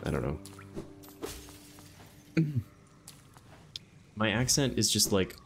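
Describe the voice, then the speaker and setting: Young man, game streamer, deep low voice, rambling casual chat, clear game music behind. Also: very animated, slow pace, a bit bright. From Northeastern United States. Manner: rambling, easygoing, many "um"s and "like"s. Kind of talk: casual live-stream commentary while gaming.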